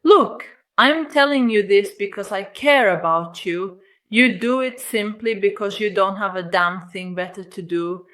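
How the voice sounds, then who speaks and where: A woman's voice: mid-range voice, measured pace, a bit bright. A woman love coach giving direct advice to the camera, blunt and lecturing, full of rhetorical questions.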